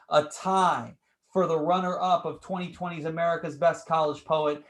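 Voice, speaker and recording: A man hosting a competition livestream, announcing the results with energetic hype and repeating his phrases, heard over a video call. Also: on the high side, normal speed. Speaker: competition host.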